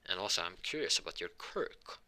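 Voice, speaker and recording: A man voicing a big, kindly male hero mentor who speaks in a formal, soft-spoken way. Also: low voice, expressive, fairly quick, full character voice.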